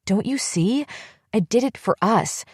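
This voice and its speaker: A woman with a mid-range, lively voice speaks a little slowly in a studio-quality recording with no echo. She voices a desperate young woman in an audiobook who pleads with her sister, wheedling and eventually yelling.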